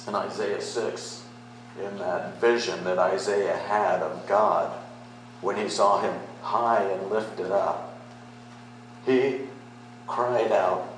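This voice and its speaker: Slow, low-voiced pastor in an echoey hall. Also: male voice, a little hiss or hum. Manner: conversational preaching, rising to emphatic declarations. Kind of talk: sermon.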